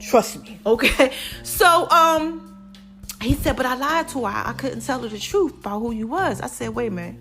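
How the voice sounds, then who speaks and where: High-voiced chatty woman podcast host. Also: moderate pace, faint music behind. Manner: chatty, animated, addresses listeners as babies. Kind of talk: casual storytelling monologue.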